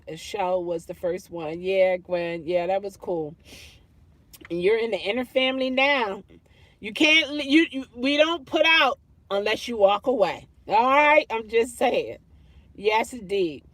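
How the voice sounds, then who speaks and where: A woman's voice: medium pitch, measured pace, no echo. A woman vlogger chatting casually as she reads out viewer comments, laughing often and slipping into playful impressions. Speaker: YouTube vlogger. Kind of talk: casual chat reading comments.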